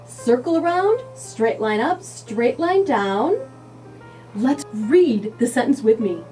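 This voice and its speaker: A woman teaching young children to read, sounding out letters and words slowly and encouragingly. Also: sits high, very animated, darkish tone, recorded from a distance, soft background music. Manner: slow, sing-song, sounding out letters. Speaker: early reading teacher. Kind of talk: children's phonics lesson.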